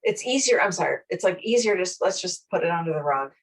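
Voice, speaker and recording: A woman's voice: lowish voice, lively intonation, fast talker. A woman co-hosting a casual conversation, mostly offering short, supportive reactions and brief comments. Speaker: podcast co-host. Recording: voice distant from the mic.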